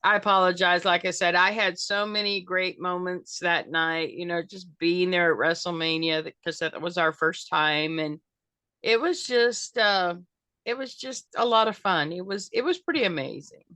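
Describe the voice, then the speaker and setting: A woman's voice: lowish voice, normal speed, sharp tone, clean tone, dry recording. An older woman chatting as an interview guest, rambling with lots of fillers and restarts. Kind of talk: casual interview chat.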